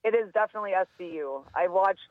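A woman's voice: medium pitch, expressive, fast talker, no echo. A young adult woman, a radio show guest, chatting casually over the phone in an upbeat way and laughing easily. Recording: tinny phone line.

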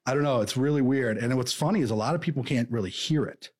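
A man co-hosting a casual chat, playful and quick to slip into silly impressions. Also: mid-range voice, breathy edge. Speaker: podcast co-host.

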